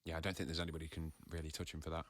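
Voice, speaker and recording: A man's voice: a bass voice, monotone, racing, no echo. A man co-hosting a podcast, asking questions and chatting enthusiastically. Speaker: podcast co-host. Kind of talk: casual chat.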